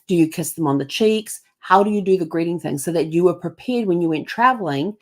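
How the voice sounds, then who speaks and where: A woman's voice: on the low side, lively intonation, brisk. A woman hosting her channel, talking casually and chattily with many fillers. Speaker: channel host. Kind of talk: casual talk to camera.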